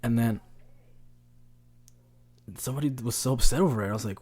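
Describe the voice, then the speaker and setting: This is a young man co-hosting a casual podcast, chatting loosely and telling rambling stories. He often restarts his sentences, and his pitch sits in the middle for a man. His delivery is animated. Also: a little fast. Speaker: podcast co-host. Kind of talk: casual chat.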